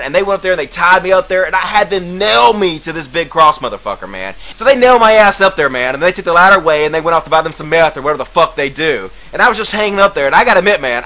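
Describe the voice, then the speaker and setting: Guy ranting a crude comic story, bright, voice jumps all over. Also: on the high side, low-quality recording. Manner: profane, animated storytelling, sarcastic. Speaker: comedian. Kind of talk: comedic rant monologue.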